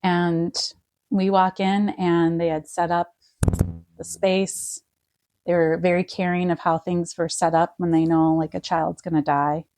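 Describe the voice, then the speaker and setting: Soft-spoken woman telling a painful story. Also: on the low side, little pitch movement, measured pace, dry recording. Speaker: guest. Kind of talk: personal storytelling interview.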